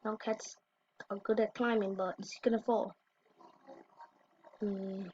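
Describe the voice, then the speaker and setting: A woman's voice: mid-range voice, level tone, measured pace, darkish tone, a little hiss or hum. A woman giving casual reaction commentary on fail clips as a YouTuber, exclaiming short reactions. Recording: dry, dull lo-fi recording.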